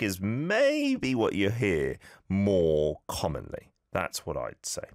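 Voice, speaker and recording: Male language-show host, lowish voice with lots of swing, dry close sound, cheerful and a little nitpicky. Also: wildly swooping pitch, a little slow, hardly any pauses, no echo. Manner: upbeat, encouraging, playfully nitpicky. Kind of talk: radio-style language coaching of listener messages.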